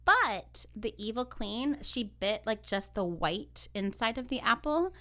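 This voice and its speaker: A woman co-hosting a podcast, retelling a fairy tale in a casual, animated way. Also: fairly high pitch. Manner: animated, quick to agree and laugh. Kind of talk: casual storytelling chat.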